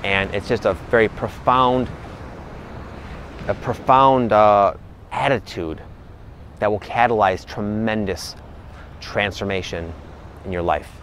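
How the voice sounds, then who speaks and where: A man giving a casual spiritual talk to his viewers, relaxed and rambling, with many fillers and restarts. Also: fairly low pitch, slow pace, long pauses, slight background noise, rough recording. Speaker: spiritual vlogger.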